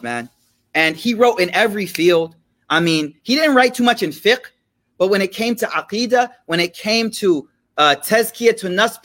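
A man giving a relaxed religious lesson, telling a story in slangy everyday talk and often checking that his listeners follow. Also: high-pitched. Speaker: religious teacher. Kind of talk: casual storytelling lecture.

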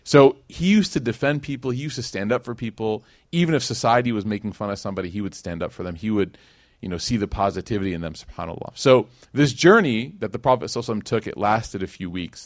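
Low-voiced man giving a casual sermon. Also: dry recording, studio quality. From Chicago. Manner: conversational, storytelling with slang and acted quotes. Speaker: Islamic teacher.

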